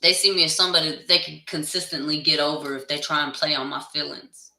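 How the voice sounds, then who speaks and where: A gravelly, creaky voice with a sharp, tense edge, ranting bluntly and profanely as a tarot reader. The speaker sits back from the mic in an echoey room, so the voice comes across roomy and slightly distant. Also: mid-range voice, level tone, fast talker. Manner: heated, insistent. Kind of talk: casual direct-to-camera rant.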